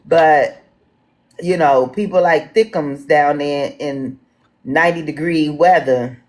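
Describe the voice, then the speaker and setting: Chatty D.C.-accented woman, low and unhurried. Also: a little mellow. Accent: Washington D.C. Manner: chatty, folksy, addresses viewers as y'all. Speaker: livestream town hall moderator. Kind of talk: casual livestream chat. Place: home in Washington D.C.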